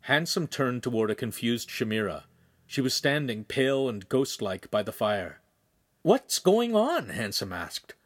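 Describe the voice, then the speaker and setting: A man reading a young adult novel aloud as narrator, steady and measured. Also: lowish voice. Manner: steady storytelling, voices characters. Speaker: audiobook narrator. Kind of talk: scripted narration.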